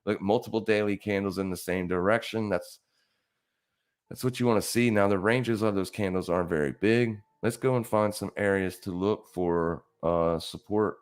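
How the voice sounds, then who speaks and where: Male host, deep voice, casual live-stream trading talk, blunt coaching manner. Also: normal speed, clean tone.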